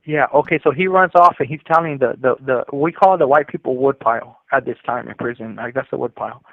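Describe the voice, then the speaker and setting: A man's voice: mid-range voice, fairly quick, creaky, dry recording. A man telling his prison story in casual street slang over the phone, rambling with fillers. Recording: tinny prison phone line.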